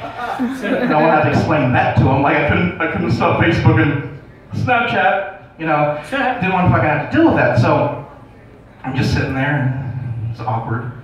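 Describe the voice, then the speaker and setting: A man's voice: a little high, very animated, moderate pace. A man doing stand-up, telling a profane, self-mocking story to a crowd. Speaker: stand-up comedian. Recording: echoey room, distant dull mic.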